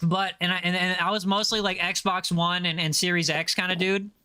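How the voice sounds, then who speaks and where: Bright high-voiced American guy streaming. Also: little pitch movement, clean tone. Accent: General American. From United States. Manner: chatty, quick self-corrections, slangy. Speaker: livestreamer reading chat. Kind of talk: casual livestream chat.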